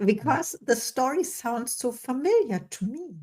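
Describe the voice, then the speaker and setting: A woman's voice: sits high, expressive, a little slow, slightly rough. A woman hosting an interview, laughing often as she talks and asks her questions. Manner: warm, laughs often while talking. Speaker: host.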